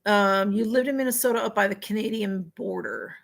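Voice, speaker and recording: A woman's voice: medium pitch, a little fast, creaky. Chatty woman hosting a livestream. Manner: chatty, distracted, apologizing for missing comments. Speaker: livestream host. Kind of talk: casual livestream chat reading viewer comments.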